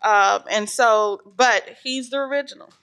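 A woman's voice: fairly high pitch, measured pace, fairly bright tone, clean tone. A woman teaching an informal church Bible lesson, reading scripture and explaining it earnestly, with frequent "um" fillers. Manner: reads scripture aloud, then explains it.

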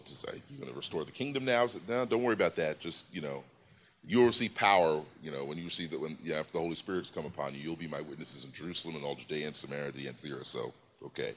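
Low-voiced man preaching casually. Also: fairly bright tone. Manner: casual, conversational teaching with many fillers. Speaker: pastor. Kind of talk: sermon. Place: church.

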